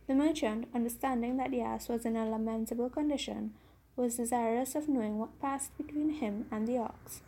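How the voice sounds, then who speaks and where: Brief: female storyteller, high, husky, mellow tone, calm storybook reading. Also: normal speed, rough recording. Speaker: podcast host, storyteller.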